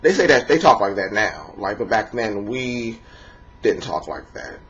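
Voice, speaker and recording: Low-voiced rambling D.C. man, lo-fi. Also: big pitch swings, a little slow, a bit bright. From Washington, D.C. area. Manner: rambling and profane, many fillers. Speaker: vlogger. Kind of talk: casual monologue to camera. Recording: dull lo-fi recording.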